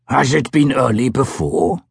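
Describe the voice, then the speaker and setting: A man doing a slow, solemn plainsman. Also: medium pitch, expressive, vocal fry, slightly rough, dry recording, clean studio sound, full character voice. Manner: slow, measured, solemn speech. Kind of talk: audiobook character voice.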